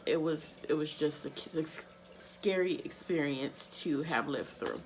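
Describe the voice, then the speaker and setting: A woman's voice: on the low side, poor audio. A young woman candidly telling a personal story to camera as a vlogger, with lots of "like" fillers.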